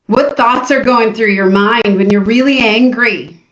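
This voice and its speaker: A woman coach giving a live motivational workshop to an audience in a room, energetic and coaxing people to join in. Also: a little high, unhurried. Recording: echoey room, dull lo-fi sound.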